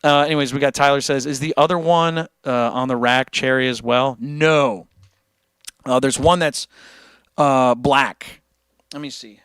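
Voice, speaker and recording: A man hosting a livestream who chats casually with his viewers and reads out their comments. He talks in an animated, joking way and swears freely. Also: medium pitch, measured pace, clean tone, dry recording, studio quality. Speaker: livestream host and guitarist.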